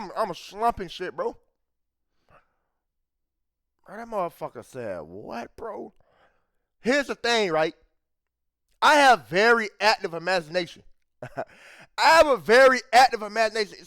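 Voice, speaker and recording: A man's voice: high voice, bright, forceful tone, dry recording, clean studio sound. A man hosting a reaction video, talking in a heated, profane way, repeating himself and saying "bro" after nearly every phrase. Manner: repeats phrases and restarts when worked up. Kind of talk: casual reaction commentary.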